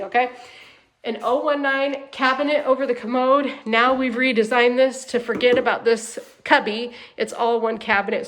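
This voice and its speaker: A woman hosting a walkthrough tour inside a manufactured home, chatty and upbeat as she talks straight to viewers, tired at the end of a long day. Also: a little high. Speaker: home sales host giving a tour.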